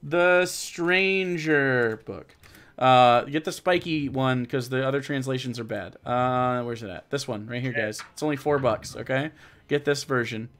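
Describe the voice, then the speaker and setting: A man's voice: mid-range voice, measured pace, fairly bright tone. A man hosting a casual live-streamed debate chat, loose and joking, swearing often. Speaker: streamer host.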